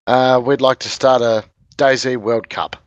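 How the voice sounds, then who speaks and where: A man's voice: medium pitch, fairly even intonation, unhurried, clear, resonant tone, dry recording. A man with an Australian accent, chatting casually on a podcast, a rambling storyteller who laughs often. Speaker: podcast guest, game video maker. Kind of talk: casual chat.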